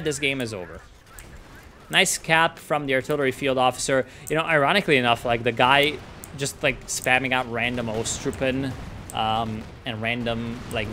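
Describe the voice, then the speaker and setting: A man casting a strategy game in casual, excitable commentary, swearing and ranting at the players. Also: on the high side, slight background noise. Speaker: game caster.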